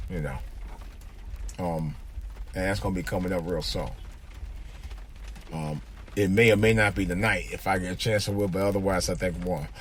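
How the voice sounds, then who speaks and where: Speaking in a low voice with slight background noise, a podcast host talks casually from his car as he drives. His monologue rambles and circles back on itself, full of fillers.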